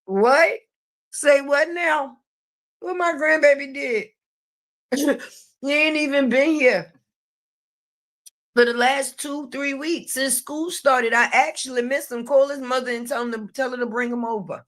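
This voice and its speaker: A woman's voice: high-pitched, measured pace, fairly bright tone. A middle-aged woman giving casual live-stream commentary, brash and profane, laughing often at her own jokes.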